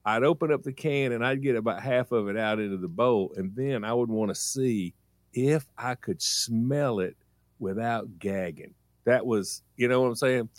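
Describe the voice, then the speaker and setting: A man's voice: normal speed, no echo, clean studio sound. A man telling a funny childhood story on a radio show, acting out his mother's lines. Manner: animated, acts out his mom in a high voice. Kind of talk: casual storytelling on morning radio.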